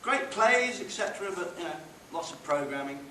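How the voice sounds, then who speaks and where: With a high, expressive voice that is fairly quick, pushed and bright, a man gives a casual public talk in a meeting hall, wry and full of wandering asides. A distant room mic captures the roomy hall along with faint hiss.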